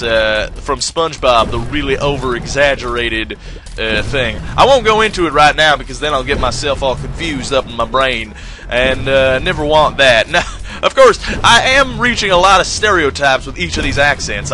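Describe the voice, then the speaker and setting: Brief: young male gamer, high and bright, self-deprecating rambler. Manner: rambling, self-deprecating, putting on exaggerated accents. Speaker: gaming video host. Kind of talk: let's play commentary.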